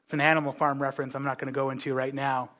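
A man preaching a conversational sermon, animated, acting out the words of biblical characters with casual asides. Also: medium pitch, very fast. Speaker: pastor.

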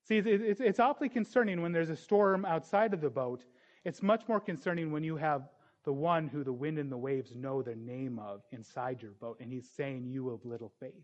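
A man preaching a sermon, telling stories and acting out the people in them with animated voices. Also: fairly high pitch, moderate pace, muffled recording. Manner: storytelling, animated voices in retold scenes.

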